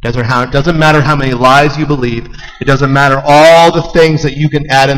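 A young adult man preaching a sermon, swinging between hushed and loud, high-pitched moments. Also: moderate pace. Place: large church hall. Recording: long hall reverb.

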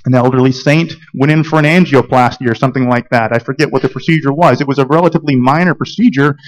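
A pastor from Georgia preaching a sermon, telling stories earnestly with frequent fillers and restarts. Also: male voice, medium pitch, fairly even intonation, fast, poor audio.

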